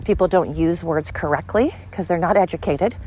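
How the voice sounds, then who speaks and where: A woman's voice: lowish voice, moderate pace, mellow. Woman, podcast host, angry solo rant, profane, blunt, faint background noise. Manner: heated, profane, blunt and scolding.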